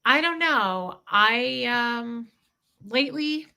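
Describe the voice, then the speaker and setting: A woman's voice: fairly high pitch, expressive, takes it slowly, pushed and bright. A woman hosting a livestream, talking candidly and emotionally about her past, swearing freely. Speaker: livestream host.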